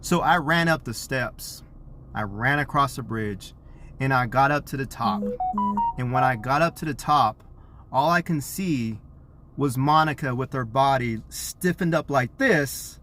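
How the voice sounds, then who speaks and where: A man speaks with a mid-range voice, earnest and animated as he tells a personal story to the camera. He slips into the words people said, carrying the listener along as a parent who cares. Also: mid-range voice, a little slow, slight background noise. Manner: earnest, animated retelling with acted quotes; self-described introvert.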